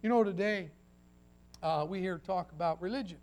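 A man's voice: sits high, normal speed, a little mellow. A pastor preaching a sermon in a folksy way, acting out quoted voices and often restarting his sentences.

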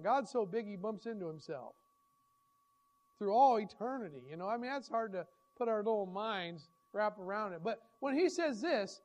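Hoarse high-voiced man preaching. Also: expressive, normal speed, lo-fi sound. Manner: folksy, rambling, many restarts and fillers. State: hoarse, clearing throat. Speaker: pastor. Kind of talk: sermon.

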